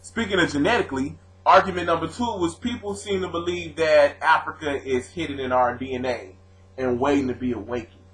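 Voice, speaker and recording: A man's voice: a little high, a little fast, rough recording. A young adult man from the US West Coast, talking straight to his viewers in a slangy, argumentative vlog rant. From born in Louisiana, raised on the US West Coast. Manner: animated, argumentative, slangy, addresses viewers directly. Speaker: vlogger answering his commenters. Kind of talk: casual argumentative video rant.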